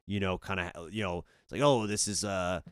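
A man from Orange County, California, a comedy show organizer, chats casually as a podcast guest, rambling in a laid-back way and saying "kinda" and "dude" a lot. His voice sits low with fairly even intonation and a smooth quality, moving at a moderate pace. The recording is dry and studio quality.

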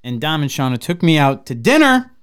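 A man hosting a podcast in loose, profane casual chat, laughing often and bursting with excitement. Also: on the high side, brisk, clear, resonant tone. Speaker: podcast host.

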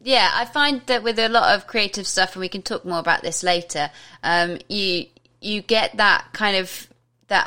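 Bright, playful woman co-host. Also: on the low side, normal speed. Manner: playful, teasing, laughs easily. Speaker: podcast co-host. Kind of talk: casual radio-style chat.

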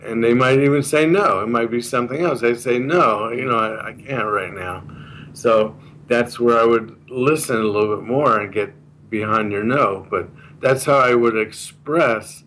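This interview guest, explaining a communication method, speaks earnestly at normal speed with hardly any pauses and goes over the key points again in relaxed conversation. His voice is mid-range and a bit bright. Slight background noise marks a low-quality recording.

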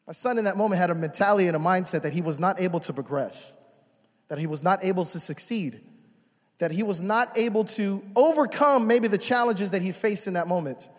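A young adult man preaching a sermon as a pastor, moving from soft prayer to loud exhortation. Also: sits high, quick pace. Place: church sanctuary. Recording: reverberant church hall.

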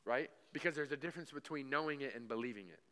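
A man's voice: medium pitch, fast talker, a bit bright. A young man preaching in a church room, telling a story casually with many fillers and asking the room questions. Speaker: pastor. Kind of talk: conversational sermon.

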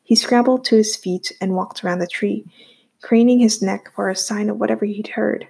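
A woman reading a novel aloud in a steady storytelling manner. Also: mid-range voice, normal speed, vocal fry, slightly rough. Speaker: audiobook reader.

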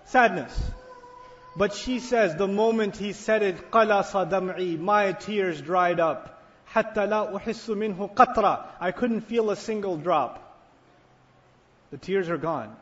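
A man's voice: high voice, lively intonation, brisk. A man giving a sermon-style talk who retells a story with animation, putting questions to his audience and answering them himself. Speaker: Islamic speaker. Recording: dull lecture hall recording with long reverb.

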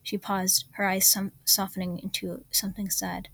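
A woman reading a story aloud in steady narration, with occasional slips. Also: medium pitch, normal speed, gravelly, hardly any pauses, no room sound. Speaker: story reader. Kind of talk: reading fan fiction aloud.

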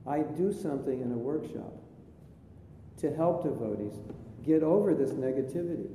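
A man as spiritual teacher giving a chatty sermon with jokes, in a live recording from an echoey hall with a faint rumble. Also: moderate pace, warm tone. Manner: chatty storytelling, jokey asides.

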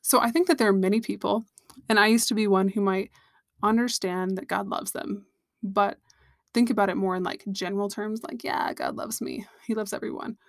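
A woman hosts a devotional podcast, speaking earnestly and personally to her listeners. Her voice sits at an ordinary middle pitch. The recording is dry and close, with no room echo. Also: steady tone, moderate pace. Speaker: Christian podcast host.

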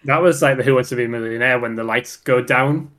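A man's voice: mid-range voice, quick pace, fairly bright tone. A man with a Geordie accent, co-hosting a podcast and chatting casually as he explains a fun fact with playful asides. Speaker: podcast co-host. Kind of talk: casual chat.

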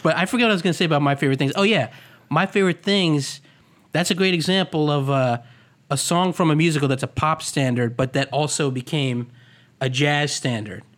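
A man's voice: fairly high pitch, brisk, fairly bright tone. A man co-hosting a podcast in casual, playful chat from the Philadelphia area, restarting sentences as he goes. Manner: playful, jokey, restarts often. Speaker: podcast co-host.

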